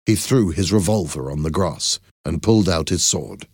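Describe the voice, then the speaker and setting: A man narrating a first-person adventure audiobook in a measured, expressive way. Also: sits low, dry recording, clean studio sound.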